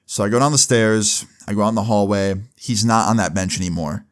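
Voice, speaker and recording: A man's voice: lowish voice, a little fast. A young man telling a story in a casual, rambling way, full of fillers. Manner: rambling, lots of "like" and "right?".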